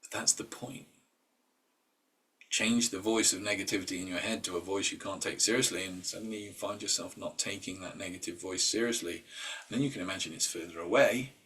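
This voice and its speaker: A husky man with a fairly low voice leads an informal mindset workshop. He talks with fillers and restarts and slips into quoted inner voices. The mic picks him up from some distance. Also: a little fast, sharp tone. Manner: conversational, with filler words and restarts. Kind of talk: informal talk.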